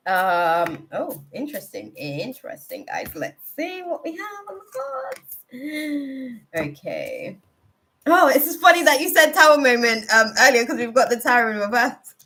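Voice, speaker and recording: A woman's voice: on the high side, huge pitch swings, moderate pace, bright, forceful tone. A woman hosting a live tarot reading, chatting casually and laughing often as she talks. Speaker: tarot reader, live-stream host.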